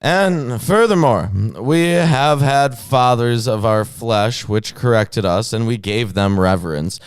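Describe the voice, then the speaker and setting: Man, unhurried co-host, low smooth voice, reads scripture with dry asides, dry close sound. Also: no echo. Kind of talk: casual chat and reading scripture aloud.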